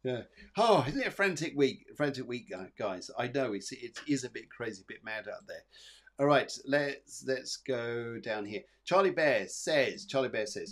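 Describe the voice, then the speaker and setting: On his live psychic show, a male medium speaks at a normal speed in an animated, medium-pitched voice. He soothes viewers and addresses them by name, while his readings wander, circle back on repeated phrases and stumble through fillers and restarts.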